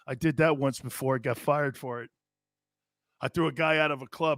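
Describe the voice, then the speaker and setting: A middle-aged man hosts a sports talk show, shouting and teasing his viewers as he reads their comments. His voice sits high and swings widely, with a gravelly, bright edge. The sound is dry and close. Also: moderate pace, pauses often, dry recording. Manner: loud, hollering, laughing, teasing viewers. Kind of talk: live sports talk reading chat comments.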